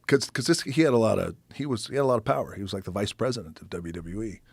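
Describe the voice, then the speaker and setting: Gravelly low-voiced man telling a story. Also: fast talker, no room sound. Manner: animated, swears freely, acts out quoted people, drops to a whisper. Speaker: podcast guest. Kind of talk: casual storytelling.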